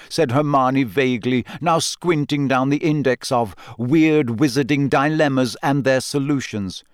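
A man reading an audiobook in a measured, expressive narration. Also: medium pitch, smooth, no room sound, clean studio sound. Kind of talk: scripted narration.

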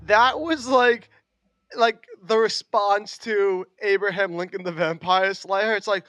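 A man's voice: high voice, slow pace, pushed and bright, soft background music. A young man co-hosting a casual chat, joking and laughing often. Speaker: podcast co-host.

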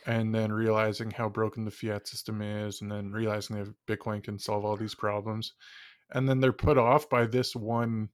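Halting man chatting on a podcast. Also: fairly low pitch, flat delivery, dry recording, clean studio sound. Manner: halting, searching for words. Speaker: podcast host. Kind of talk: casual chat.

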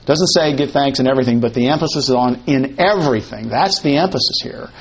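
A man's voice: mid-range voice, quick pace, slight background noise, poor audio. A man teaching a Bible sermon, repeating key phrases and posing and answering his own questions. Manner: conversational, asks and answers questions. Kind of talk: expository sermon.

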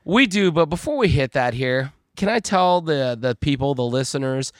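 A man's voice: medium pitch, animated, moderate pace, dry recording, studio quality. A man from Minnesota co-hosting a casual tech podcast, jokey and playfully dramatic, with lots of filler words. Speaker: podcast co-host.

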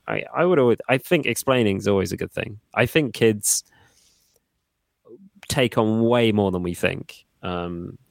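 A man co-hosting a podcast in relaxed casual chat, thoughtful and hesitant with many fillers. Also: on the low side, vocal fry, no room sound. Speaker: podcast co-host.

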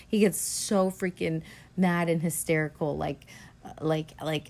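A woman's voice: low-pitched, fairly even intonation, unhurried. Rambling, profane woman podcast host. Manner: rambling, profane, filler-heavy. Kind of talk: casual film recap chat.

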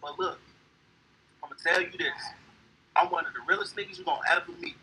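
A man's voice: high voice, steady tone, brisk, pushed and bright, husky, rough recording. A man from co-hosting a podcast, speaking from the heart in casual slang, emphatic and preachy. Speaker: podcast co-host. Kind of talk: casual chat.

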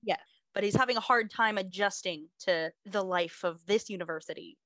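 A woman's voice: medium pitch, moderate pace, fairly bright tone, dry recording, low-quality recording. Chatty young woman telling a story. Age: young adult. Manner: chatty storytelling, acts out lines with fillers like "like". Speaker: university student, co-host. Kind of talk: casual chat.

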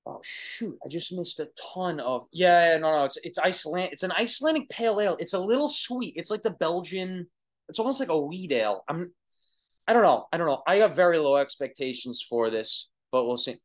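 A young man with a Long Island New York accent, an oral surgery resident answering viewer questions in a casual livestream from his apartment, excitable and chatty, often restarting and trailing off. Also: on the high side, a little fast. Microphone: phone or webcam livestream.

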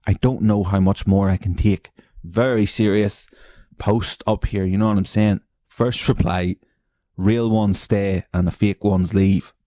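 A podcast host with a lowish voice rants through internet comments, swearing freely and laughing at them. He often jumps up into squeaky mocking voices, and the sound is close and dry with no room around it. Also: fairly even intonation, a little slow, warm tone, no room sound. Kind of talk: solo podcast commentary reading online posts.

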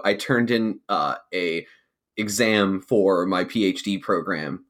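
A man's voice: lowish voice, a bit bright. A man in his twenties co-hosting a podcast in casual, playful banter, laughing often. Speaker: podcast co-host.

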